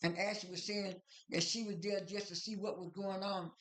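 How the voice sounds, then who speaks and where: A YouTuber giving a casual, halting recap of a reality show episode, repeating words and filling pauses often. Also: mid-range voice, steady tone, fairly bright tone, reverberant. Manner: halting, repetitive, heavy on fillers.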